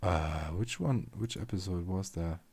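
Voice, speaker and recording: Low-voiced man with a German accent. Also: measured pace, a little mellow, slightly rough. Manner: loose and rambling, swears casually. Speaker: machinima creator streaming. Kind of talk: casual livestream chat.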